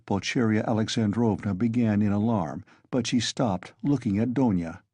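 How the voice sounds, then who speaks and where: A man reading an audiobook in a measured narrating voice. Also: lowish voice, a little mellow, slightly rough, no room sound. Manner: measured storytelling delivery. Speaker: audiobook reader. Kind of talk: scripted narration.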